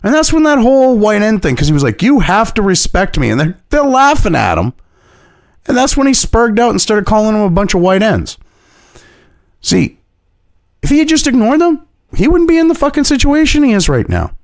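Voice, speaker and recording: A man's voice: very high-pitched, huge pitch swings, brisk, dry recording, studio quality. A man ranting as an online commentator, heated and mocking, swearing constantly. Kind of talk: profane opinion rant.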